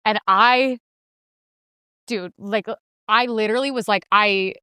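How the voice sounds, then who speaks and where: A young woman hosting a podcast, ranting in casual profane commentary and mimicking people in sharp outbursts. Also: mid-range voice, fairly even intonation, slow pace, clear, resonant tone, dry recording, clean studio sound. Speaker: podcast host.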